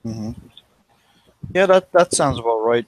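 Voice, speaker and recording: Give me a slow-talking, hesitant man playing a tabletop game, dry and close. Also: mid-range voice, lively intonation, no room sound, low-quality recording. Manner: hesitant and halting. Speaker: player.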